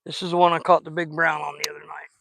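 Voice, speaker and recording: A man's voice: on the high side, little pitch movement, fast, gravelly, fairly bright tone, no room sound. A man, chatting folksy and casual while fishing outdoors on a riverbank and recording on a phone, sweet-talking the fish he catches. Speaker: fishing vlogger.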